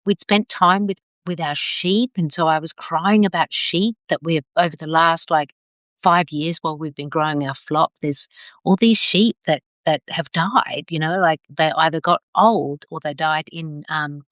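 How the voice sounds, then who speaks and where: A middle-aged woman leading a live video circle, gentle and affirming, drawing out her phrases as she reads out comments. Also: low-pitched, unhurried, dry recording, clean studio sound. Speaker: circle facilitator.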